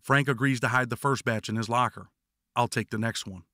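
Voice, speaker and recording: Forceful wry male memoir narrator. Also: mid-range voice, steady tone, fairly quick, no echo, studio quality. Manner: blunt, wry storytelling. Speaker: author narrating his memoir.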